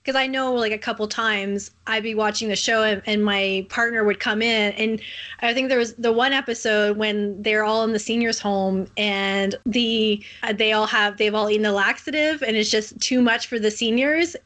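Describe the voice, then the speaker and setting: A woman's voice: medium pitch, steady tone, normal speed, fairly bright tone. A woman co-hosting an interview, asking long, rambling questions in a casual, chatty way. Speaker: podcast co-host.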